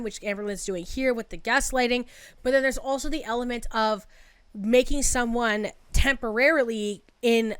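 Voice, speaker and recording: A woman's voice: fairly high pitch, fairly bright tone, clean tone, dry recording. A woman hosting a commentary channel, reading messages aloud and explaining her take with lots of likes and restarts.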